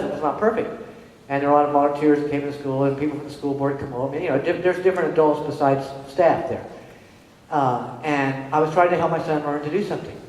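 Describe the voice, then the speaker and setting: A middle-aged woman giving a storytelling presentation on disability inclusion, animated and acting out the people she quotes. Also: low-pitched. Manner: animated, acts out dialogue in quoted voices. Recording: echoey hall.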